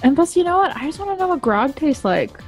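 A woman's voice: high voice, big pitch swings, fast talker, faint music behind. A woman co-hosting a podcast in casual chat, playful and teasing. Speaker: podcast co-host.

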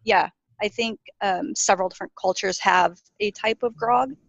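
A woman chatting on a podcast, swearing freely and spinning funny stories. Her voice sits at an ordinary middle pitch, and the sound is close and dry with no room around it. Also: moderate pace, gravelly, dry recording, dull audio. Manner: profane, joking, storytelling. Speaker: podcast co-host. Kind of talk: casual chat.

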